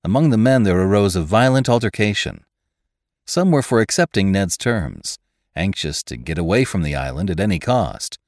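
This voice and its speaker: A man reading an adventure story aloud as a podcast narrator, in expressive scripted narration. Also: sits low, moderate pace, no echo, studio quality. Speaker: podcast reader.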